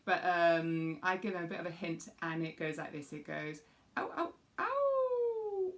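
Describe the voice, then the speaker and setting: Woman, music teacher, fairly low pitch, patient explaining, demonstrates rhythms, faint background noise. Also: flat delivery, normal speed.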